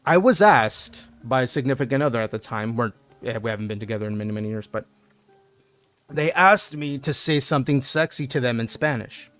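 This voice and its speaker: A man streaming a game, telling a story to chat in an animated way and laughing often. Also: medium pitch, fairly quick, soft background music. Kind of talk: casual chat while gaming.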